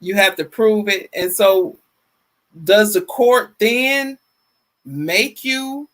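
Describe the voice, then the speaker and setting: A woman in her fifties hosting a casual livestream, chatty and lively, greeting viewers by name and often repeating herself in colloquial phrasing. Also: mid-range voice, slow pace. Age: 50s. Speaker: livestream talk show host. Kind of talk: casual livestream chat, reading viewer comments.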